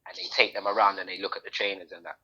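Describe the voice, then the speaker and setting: A man's voice: deep voice, very fast, muffled recording, noisy background. A man, co-hosting a podcast and telling stories in slang-heavy casual chat, acting out other people's voices. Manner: animated storyteller, slang-heavy, acts out voices. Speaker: podcast co-host.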